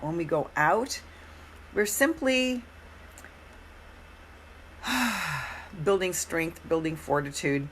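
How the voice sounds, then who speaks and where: A middle-aged woman hosting a live coaching stream, speaking in a gentle, encouraging way with a hoarse voice and often repeating her phrases. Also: on the low side, expressive, slow pace, long pauses, a little hiss or hum.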